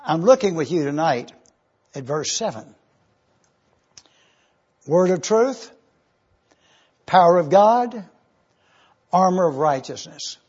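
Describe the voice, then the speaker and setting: A man's voice: sits high, expressive, takes it slowly, long pauses, darkish tone, husky, lo-fi sound. A man preaching an evening sermon, teaching from scripture and stretching out key words for emphasis. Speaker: pastor.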